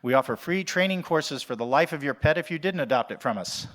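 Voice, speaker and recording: A man's voice: fairly high pitch, lively intonation, brisk, fairly bright tone. Jokey American man presenting to a crowd. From USA. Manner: jokey, conversational, addresses audience directly. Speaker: animal shelter director giving a talk. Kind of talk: conference presentation.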